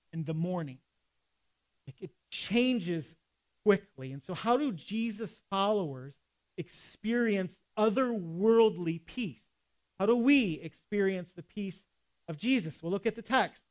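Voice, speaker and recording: A man preaching a sermon in a conversational way, with casual asides and quoted scripture. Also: sits high. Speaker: pastor.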